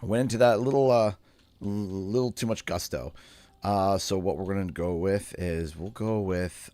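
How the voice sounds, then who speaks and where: Hoarse Canadian streamer, low voice. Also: male voice, normal speed. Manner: excitable, yelps and shouts at the game, then talks low. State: hoarse, losing his voice. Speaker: gaming livestreamer. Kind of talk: live gameplay commentary.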